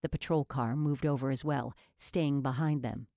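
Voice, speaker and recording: Female audiobook narrator, low register, dry close read, steady and measured. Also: gravelly, no room sound.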